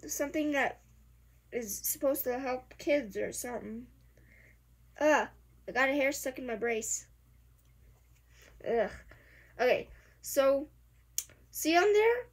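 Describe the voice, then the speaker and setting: A young woman giving casual, sarcastic commentary on a clip, hyper and excitable, slipping into mocking impressions. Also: sits high, slightly rough. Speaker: reaction video creator.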